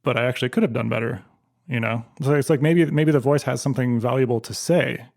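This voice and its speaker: A man's voice: medium pitch, quick pace, creaky, a little mellow. A man hosting a podcast, asking thoughtful questions in conversation. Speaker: podcast host. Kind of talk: interview conversation.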